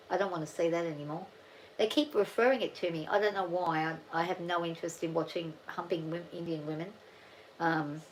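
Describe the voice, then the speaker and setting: A woman's voice: fairly low pitch, creaky, a little hiss or hum, rough recording. Rambling, chatty Australian woman. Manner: rambling, chatty, thinks aloud with many restarts. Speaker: farm channel vlogger. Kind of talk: casual live chat with viewers.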